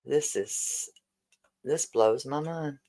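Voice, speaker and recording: Gravelly slow-talking woman in her forties. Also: very deep voice, poor audio. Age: 40s. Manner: warm, emotional, repeatedly thanking viewers. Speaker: livestream host. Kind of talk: casual livestream fundraiser chat.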